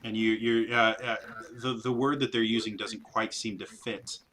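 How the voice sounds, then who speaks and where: A man's voice: fairly low pitch, steady tone, moderate pace, a bit bright, low-quality recording. A man narrating a tabletop game as game master, rambling with many fillers.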